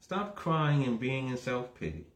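A man preaching a conversational sermon that starts low and calm and builds into emphatic, raised exhortation. He repeats himself and keeps checking with the listeners. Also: measured pace, roomy sound. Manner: repeats words, asks the audience "right?".

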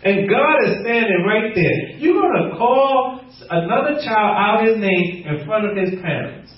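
Animated preacher man in a roomy hall. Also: high voice, a little slow. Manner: animated, laughing often, voices quotes. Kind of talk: teaching sermon. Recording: roomy, distant, muffled.

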